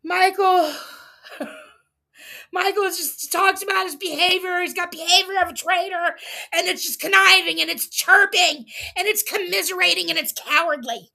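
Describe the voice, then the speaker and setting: A woman hosting a casual livestream recap, reading quotes aloud with animated emphasis and laughing often. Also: very high voice, normal speed, gravelly. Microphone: streaming setup mic.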